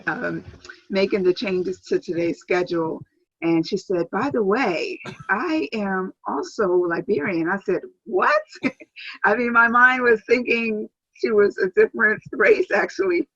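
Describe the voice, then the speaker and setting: A woman's voice: mid-range voice, a bit bright, no echo. A woman from Washington, D.C. calling in as an interview guest, telling stories about growing up in an upbeat way. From Washington, D.C., USA. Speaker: guest, advocate for girls. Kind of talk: casual interview conversation. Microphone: phone or remote call. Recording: dull dry call audio.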